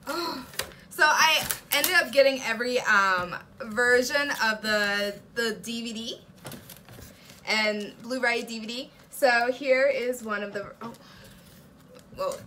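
A young woman hosting a reaction video, chatting casually as she unboxes merch, gasping and squealing with excitement. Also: on the high side, takes it slowly, slight background noise.

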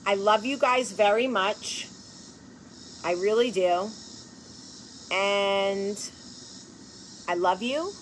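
A woman in her forties talks casually to the camera as a show host. She is blunt and profane, jokes and laughs a lot, and moves between quiet sincere moments and loud animated outbursts. She speaks at an unhurried pace, with faint noise in the background. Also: mid-range voice, poor audio. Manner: swings from hushed earnest talk to loud animated bursts.

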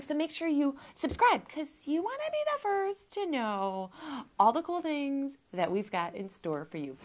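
A woman hosting a toy review vlog, gushing and giggly as she shows off a horror figure. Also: a little high.

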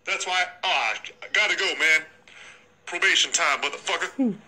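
A man's voice: a little high, moderate pace, pushed and bright, poor audio. Man doing a foul-mouthed ranting hothead. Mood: taunting. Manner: profane, aggressive ranting. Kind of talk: prank phone message.

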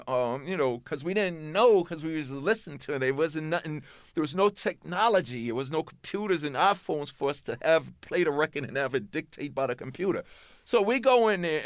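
A middle-aged man, a rapper visiting a radio studio, telling an animated story and acting out the voices and sounds of others. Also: a little high, no room sound. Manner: lively storyteller, mimics voices and sounds, says true story. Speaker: rapper guest on radio show. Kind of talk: animated storytelling with acted quotes.

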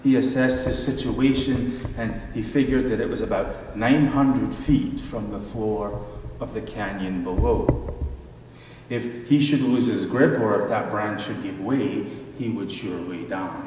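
A male pastor reading scripture and preaching a sermon in a measured storytelling manner, recorded from afar in a church sanctuary. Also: on the low side, darkish tone, slight background noise. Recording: echoey church hall from far off.

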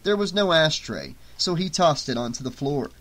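A man reading an audiobook aloud in a steady, clear voice. His pitch sits a little above the usual for a man, and he keeps an even narrating pace. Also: moderate pace.

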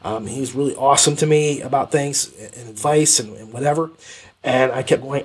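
A man hosting an audiobook review podcast, talking in a rambling, animated way with lots of fillers and self-corrections. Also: mid-range voice, brisk, breathy edge. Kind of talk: casual spoken review.

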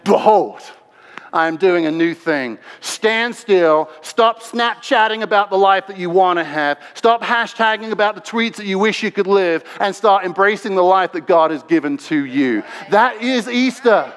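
Male pastor, passionate sermon, bright high voice, long hall echo. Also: normal speed, few pauses. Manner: impassioned, swings between loud and hushed. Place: large church sanctuary.

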